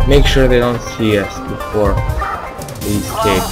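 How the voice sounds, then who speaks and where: A man's voice: lowish voice, measured pace, rough recording. A man giving casual let's-play commentary, chatty and musing aloud, with sudden exclaims at setbacks. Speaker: gamer playing through an action game. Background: game music.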